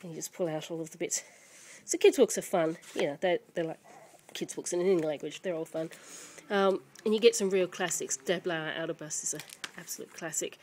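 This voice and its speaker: A woman's voice: lowish voice, fairly even intonation, brisk, a little mellow, a little hiss or hum. A woman, a native English speaker, casually showing children's books at home to a camera mic, chatty and rambling with many fillers and restarts. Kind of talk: casual show-and-tell chat.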